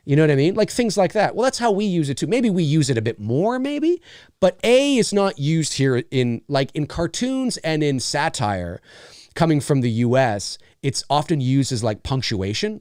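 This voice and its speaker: A man hosting a casual live stream, chatting in an animated way with many fillers and mock voices. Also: fairly high pitch, dry recording, studio quality. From Canada. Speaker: live show host answering questions.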